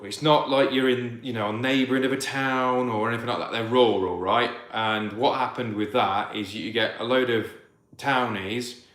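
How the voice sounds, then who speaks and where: A man answers viewer questions live. His voice sits at an ordinary pitch, and he talks in loose, rambling bursts full of restarts that turn into heated rants. The sound bounces around a roomy, echoey space. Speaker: farmer hosting viewer Q&A. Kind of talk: casual livestream chat reading viewer questions.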